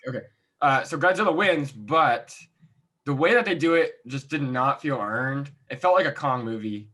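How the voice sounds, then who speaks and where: A young man co-hosting a casual podcast chat, laid-back and trailing off quietly at the ends of thoughts. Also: medium pitch, animated, normal speed. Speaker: podcast co-host.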